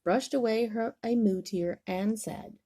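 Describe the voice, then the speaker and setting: Slow, soothing older grandmother. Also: a little high. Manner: gentle, soothing. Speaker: grandmother storyteller. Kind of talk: bedtime story reading.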